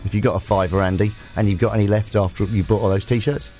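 A man's voice: fairly low pitch, steady tone, fast, warm tone. A British man co-hosting a podcast, chatting casually with crude, joking banter. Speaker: podcast co-host, comedian. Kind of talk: casual chat. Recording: faint music bed behind.

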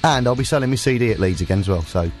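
A man's voice: lowish voice, animated, rapid-fire. A British man co-hosting a podcast, chatting casually with crude, joking banter. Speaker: podcast co-host, comedian. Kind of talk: casual chat. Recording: faint music bed behind.

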